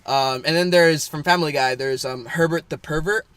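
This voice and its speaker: A man's voice: fairly high pitch, normal speed, a bit bright, clean tone, dry recording. A young man co-hosting a podcast in casual chat, rambling with fillers and laughing often. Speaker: podcast co-host.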